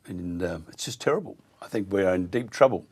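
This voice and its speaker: An Australian man hosting talk radio, indignant and halting, with many fillers. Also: deep voice, expressive, a little mellow, breathy edge. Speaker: radio host.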